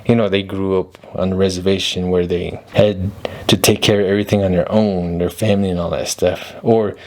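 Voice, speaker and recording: A man's voice: deep voice, little pitch movement, fairly quick, a little mellow. A man hosting a casual commentary vlog, talking bluntly and rambling, repeating himself. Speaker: video host.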